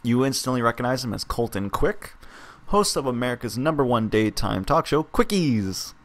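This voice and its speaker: A man's voice: medium pitch, lively intonation, a little fast. A man reading an interactive story game aloud, breaking off into casual chat and asides. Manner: reads narration aloud, breaks off to chat and laugh. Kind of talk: casual game read-through.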